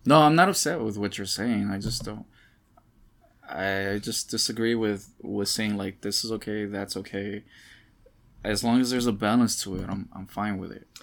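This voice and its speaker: Male co-host, low voice, blunt and a bit hesitant, casual swearing. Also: moderate pace, gravelly, fairly bright tone. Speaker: podcast co-host. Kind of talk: casual chat about video games.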